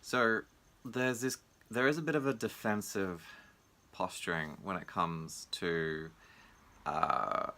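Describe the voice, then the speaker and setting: A martial arts teacher muses casually in his own video diary, acting out other people's lines in raised voices. His low voice is gravelly, bright and forceful, and he speaks slowly.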